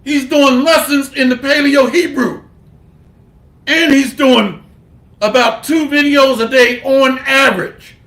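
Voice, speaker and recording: High-voiced man preaching slow and blunt, gravelly, cusses between bible verses, echoey room. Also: steady tone, a bit bright. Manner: blunt, profane, mixes scripture with slang. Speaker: bible teacher. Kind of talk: street-style sermon with scripture reading.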